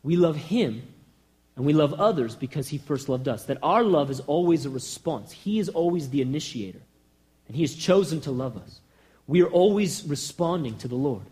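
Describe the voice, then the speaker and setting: A man preaching a sermon with passion and rhetorical questions, swinging between loud bursts and hushed lines. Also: on the high side, animated, normal speed.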